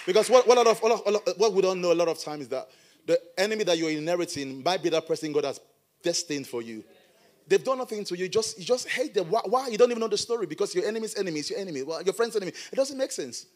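A middle-aged man preaching a sermon as a pastor in church, animated with playful asides. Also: sits high, racing.

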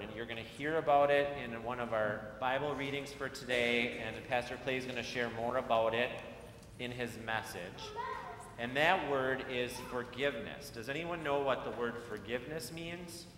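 In a church sanctuary, a man leads a children's message, speaking in a friendly way and asking the kids questions. His fairly bright voice moves at normal speed, and the recording is echoey with a faint rumble.

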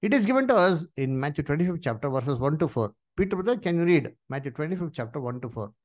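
A man teaching a Bible study, asking his listeners questions and filling pauses with "uh" and "you see.". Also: fairly high pitch, very animated, muffled recording.

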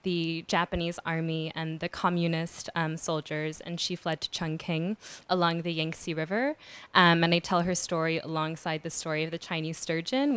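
A woman's voice: lowish voice, fairly bright tone, smooth. A woman writer at a literary event, chatting in a giggly, self-deprecating way and then reading her essay aloud.

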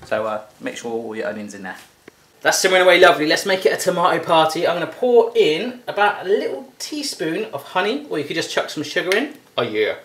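A man's voice: fairly high pitch, sing-song, fast, a bit bright. An English man hosting a playful home cooking demonstration, chatty and jokey, talking to the food as he cooks. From England. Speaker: cooking show host. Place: home kitchen.

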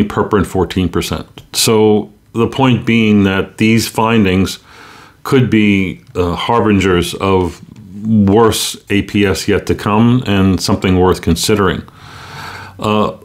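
Chatty man hosting a medical podcast. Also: lowish voice. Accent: New York. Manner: chatty, joking asides, frequent ums and uhs. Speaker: podcast host, rheumatologist. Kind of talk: casual medical news podcast.

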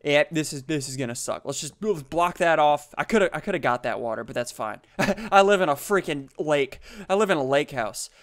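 Young dude doing let's play commentary, kinda high voice, super excitable, laughs a lot, clean smooth sound. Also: male voice, fairly quick. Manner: excitable, laughs often, jumpy, frequent gasps and yelps. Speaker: gaming YouTuber.

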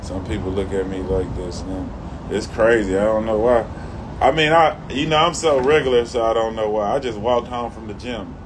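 A man's voice: on the low side, fairly even intonation, moderate pace. A man with a Houston Texan accent, a rapper talking slangy and profane in a laid-back livestream chat from his patio. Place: outdoors on a home patio. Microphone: phone livestream. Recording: outdoor phone audio with traffic and air-conditioner noise.

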